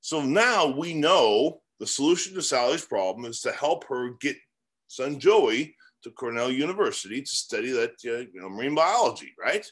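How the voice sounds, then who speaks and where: Animated, rambling man coaching. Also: mid-range voice, moderate pace. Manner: rambling, many fillers and rhetorical questions. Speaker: real estate mentor. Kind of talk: casual motivational teaching.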